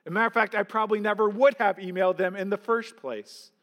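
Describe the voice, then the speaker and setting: A man preaches a sermon from the pulpit, earnest and emphatic, putting rhetorical questions to his congregation. His voice sits high for a man. The sound rings out with the long reverb of a church sanctuary. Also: quick pace, fairly bright tone. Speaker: pastor.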